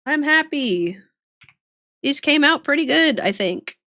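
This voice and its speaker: A woman chatting casually on a livestream, greeting viewers and giggling often. Her voice sits high. She talks slowly and easily. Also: animated, sharp tone, no echo. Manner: chats to viewers by name. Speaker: livestreamer drawing art.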